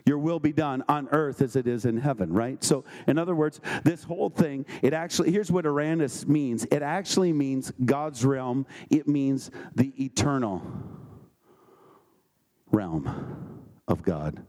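A man preaching a sermon, reading scripture aloud and checking in with the congregation with quick questions. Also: mid-range voice, a little mellow. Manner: conversational, with emphatic questions to the congregation.

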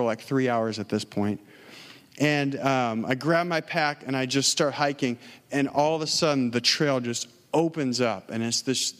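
A man's voice: mid-range voice, a bit bright. A man preaching, telling a personal story in a casual way with many fillers, then leading a prayer. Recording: long hall reverb.

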